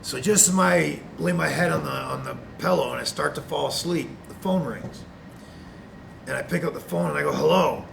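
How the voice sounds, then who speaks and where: A middle-aged man from Canada, a retired wrestler telling an animated anecdote as a guest on a video call. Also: on the high side, normal speed, vocal fry, noisy background. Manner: animated, acts out quotes. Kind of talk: anecdote storytelling.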